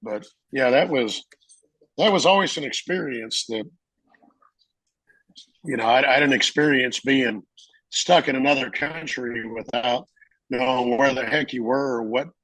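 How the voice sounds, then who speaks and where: A Marine veteran telling a story in a casual interview, acting out the voices of people in it and laughing often. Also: male voice, medium pitch, a little slow, pauses often, fairly bright tone, no echo, rough recording.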